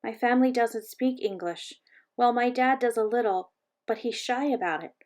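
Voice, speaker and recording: A woman voicing a shy schoolgirl who speaks gently and quietly. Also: a little high, normal speed, close to an everyday voice. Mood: whispering. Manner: gentle, hushed. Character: shy, soft-spoken schoolgirl.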